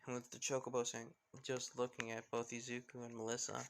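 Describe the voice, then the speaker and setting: A man's voice: medium pitch, completely flat delivery, brisk, creaky, fairly bright tone, slight background noise. A young man casually narrating a fan story, rambling with lots of fillers.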